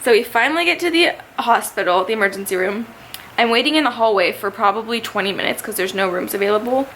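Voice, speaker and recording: A woman's voice: fairly high pitch, fast. Chatty young woman vlogging, faint hiss. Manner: chatty, animated, lots of fillers. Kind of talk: casual storytelling to camera.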